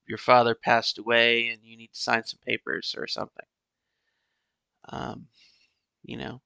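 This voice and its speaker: A middle-aged man hosting a podcast alone, musing in a halting, rambling way with many "you know"s and restarts. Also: medium pitch, gravelly, sharp tone, clean tone, dry recording. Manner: wistful, resigned musing. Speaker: podcast host. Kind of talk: casual solo monologue.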